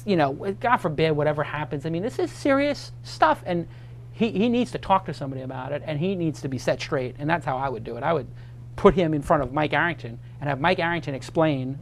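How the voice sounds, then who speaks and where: A man from New York hosting a talk show, telling a personal story in an earnest, emotional way with frequent restarts. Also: sits high. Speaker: host. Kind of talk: casual chat.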